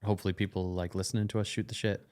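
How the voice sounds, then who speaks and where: A young American man, his accent softened by years living in England, talks in a fairly low voice. He is laid-back and joking, rolling easily into quick stories. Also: level tone. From United States. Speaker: podcast co-host. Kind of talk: casual chat.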